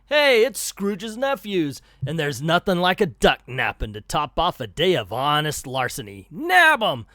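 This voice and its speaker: A man voicing a gang of gruff male cartoon crooks with a rough tough-guy bluster. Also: a little high, animated, a little slow, fairly bright tone, no room sound, studio quality. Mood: menacing.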